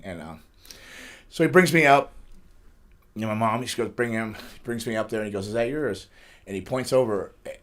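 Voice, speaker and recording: His lowish, fairly bright voice comes out briskly but with frequent pauses. A middle-aged wrestler and studio guest, he tells wandering stories from his life in a casual interview, laughing along the way.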